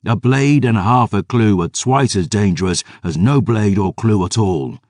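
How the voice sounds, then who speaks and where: A wrathful veteran warrior from a dark audiobook, gruff and growling, as the narrator puts him on. His voice sits very deep and moves slowly. It is a dry, close recording. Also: dry recording, natural voice. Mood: angry.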